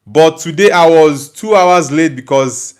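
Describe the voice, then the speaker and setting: A man's voice: a little high, unhurried, smooth. A young Nigerian man hosting a football livestream, reading viewer comments aloud and answering them bluntly in casual chat. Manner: blunt, dismissive retorts to viewer questions. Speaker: football news livestream host.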